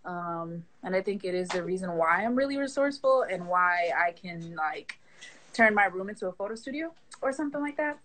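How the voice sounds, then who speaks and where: A woman in her twenties, a guest in a casual chat, talking in an animated, slangy way and laughing often. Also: lowish voice, brisk, low-quality recording. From Haitian family.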